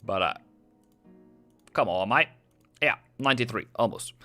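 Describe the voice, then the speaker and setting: A man's voice: medium pitch, animated, unhurried, sharp tone, dry recording, faint music behind. Live-stream host, man, Norwegian accent; casual, chatty, jokes with chat. Dry, close sound. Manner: joking, chatty, reads chat aloud.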